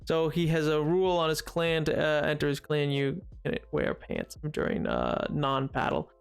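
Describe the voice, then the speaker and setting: High, lively rambling male streamer. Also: moderate pace, creaky, clear, resonant tone, faint music behind. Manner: rambling, self-deprecating, lots of restarts and playful bits. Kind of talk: casual chat while gaming, reading chat aloud.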